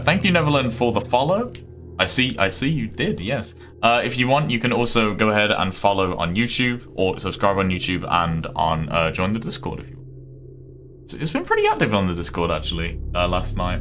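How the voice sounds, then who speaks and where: A man's voice: on the low side, big pitch swings, fairly quick, fairly bright tone, faint music behind. A young man with a Birmingham accent, chatting casually with his live chat while he plays a game. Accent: Birmingham English. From Birmingham, England. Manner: chatty, rambling, self-deprecating, talks to chat. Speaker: streamer. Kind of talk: casual live-stream chat over gameplay.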